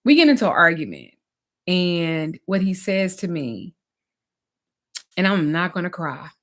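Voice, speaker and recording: A woman's voice: fairly low pitch, big pitch swings, a little slow, fairly bright tone. Woman, spiritual teacher, candid, emphatic, conversational storytelling. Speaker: spiritual teacher and life coach. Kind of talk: personal storytelling lesson.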